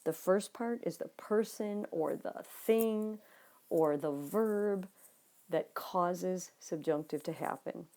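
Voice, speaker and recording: A woman teaching Spanish, explaining grammar notes patiently and speaking straight to her students, sometimes dropping to a quiet murmur as she writes. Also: slow pace. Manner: drops to a low, near-whispered aside while writing. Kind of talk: recorded classroom lesson notes.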